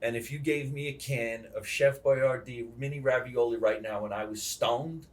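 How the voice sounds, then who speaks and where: A man's voice: mid-range voice, fairly even intonation, moderate pace. A man hosting a podcast, easygoing in casual chat, who laughs often and explains at length. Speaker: podcast host. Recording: distant mic.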